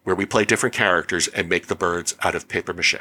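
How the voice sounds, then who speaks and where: A man's voice: sits low, fast talker, sharp tone. A man co-hosting a podcast, teasing the others with dry jokes. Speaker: podcast co-host. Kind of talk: casual chat.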